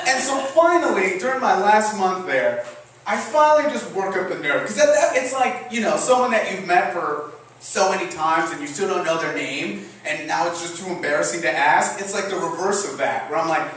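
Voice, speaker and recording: A Mexican-accented man tells a self-mocking story on stage, his voice high for a man and swinging widely in pitch. He is picked up from a distance, with a very echoey room around him and a faint murmur of ambience. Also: normal speed, a little hiss or hum. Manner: animated, self-mocking, laughs at own jokes. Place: comedy theater stage.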